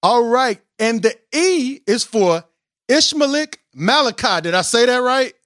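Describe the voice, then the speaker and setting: A man hosting a casual podcast interview, excitable and playful, slurring now and then and stumbling over names. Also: extremely high pitch, measured pace, smooth, no room sound, clean studio sound. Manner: hyped and playful, keeps telling himself to calm down. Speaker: podcast host.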